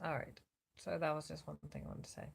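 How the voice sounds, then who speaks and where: An exhausted woman vlogging from her cot on a phone camera, her worn-out voice a little slurred as she rambles with many pauses. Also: sits low, vocal fry, husky. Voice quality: slightly slurred. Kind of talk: casual check-in vlog. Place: lying on a cot at home.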